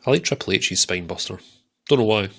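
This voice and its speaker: Laid-back man, lowish voice. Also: brisk, creaky, husky. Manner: relaxed, sweary. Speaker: podcast co-host. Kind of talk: casual chat.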